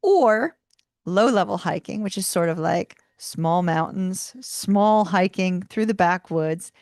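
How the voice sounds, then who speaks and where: This is a woman in her fifties who hosts her own livestream and tells a long personal story. She is chatty and animated and keeps throwing in asides. Her voice has a gravelly texture, recorded close and dry. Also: lowish voice, measured pace, dry recording. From United States. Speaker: tarot channel host.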